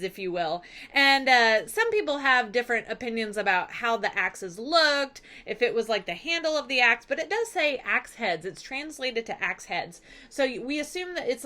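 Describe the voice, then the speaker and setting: Bright, lively woman teacher. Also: on the high side. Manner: lively, chatty, acts out characters' lines. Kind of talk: casual literature lesson recap.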